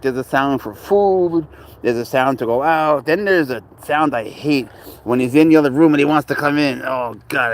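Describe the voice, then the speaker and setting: A young man chats casually on a home livestream, rambling from one joke to the next and greeting viewers by name. His voice sits in an ordinary middle pitch, and it often trails off quieter at the ends of lines. A faint hum runs underneath. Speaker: livestream host and serval cat owner. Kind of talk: casual livestream chat reading viewer comments. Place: home, indoors.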